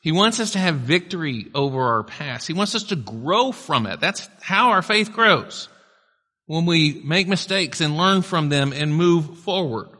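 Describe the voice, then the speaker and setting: Guy pastor preaching, bright forceful voice, bit high, big echoey hall. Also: lively intonation, measured pace. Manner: conversational preaching with asides. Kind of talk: sermon. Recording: long hall reverb.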